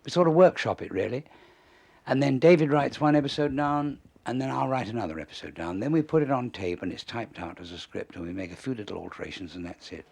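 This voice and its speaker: An older man with a gravelly, husky voice, spinning lively anecdotes as an interview guest. He tells his stories with relish and chuckles along at them. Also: mid-range voice, quick pace. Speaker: comedy writer, interview guest. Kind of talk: anecdotal storytelling.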